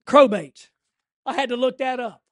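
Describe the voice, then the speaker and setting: A man preaching a fervent sermon, his voice pitched very high as he presses each point. He drops to a hush, then climbs back to a full shout. The sound is dry and close. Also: moderate pace, dry recording.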